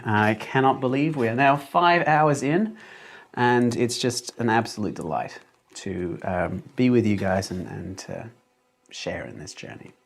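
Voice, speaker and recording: A man who grew up in Australia with an English accent from British parents, hosting a casual livestream from a small home room and rambling with lots of fillers. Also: lowish voice. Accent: English accent from British parents, living in Australia. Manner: rambling and chatty, with many fillers and restarts. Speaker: livestream host and mapmaker. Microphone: desk mic, no headphones.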